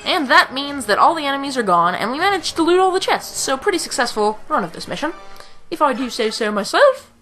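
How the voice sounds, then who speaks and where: A woman's voice: high voice, sing-song, quick pace, hardly any pauses, sharp tone, soft background music. A young woman chatting casually as she plays through a video game, now and then reading the characters' lines aloud in put-on voices. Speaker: let's play commentator. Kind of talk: casual game commentary with dialogue read aloud.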